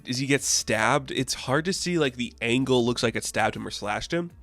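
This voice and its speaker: A man recapping a comic book in an easy, excited chat, peppering his sentences with "like". His voice sits at a middling pitch. The recording is dry and close, with no room sound. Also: moderate pace, no room sound, soft background music. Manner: enthusiastic, heavy use of "like". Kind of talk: casual chat.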